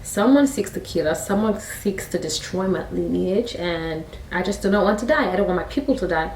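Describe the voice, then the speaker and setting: A woman's voice: lowish voice, animated, brisk, darkish tone, a little hiss or hum. A woman voicing a brave young queen who earnestly pleads for her people. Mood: pleading. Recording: roomy sound from a distant mic.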